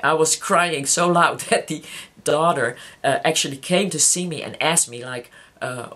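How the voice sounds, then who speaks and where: A YouTuber speaking to subscribers in a casual personal vlog, halting with many restarts and fillers, openly emotional and heartfelt. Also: mid-range voice, bright, forceful tone.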